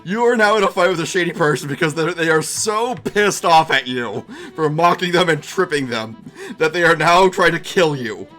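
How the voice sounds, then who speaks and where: Man, streamer game master, bright and lively, giggly narration, faint music behind. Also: a little high, normal speed. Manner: animated, giggly, chatting with viewers.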